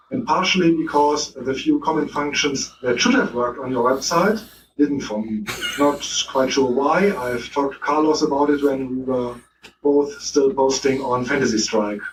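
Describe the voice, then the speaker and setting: A man leaving a friendly voicemail for a podcast, a little hesitant with fillers. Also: medium pitch. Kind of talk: voicemail message. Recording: echoey distant voicemail with faint background hum.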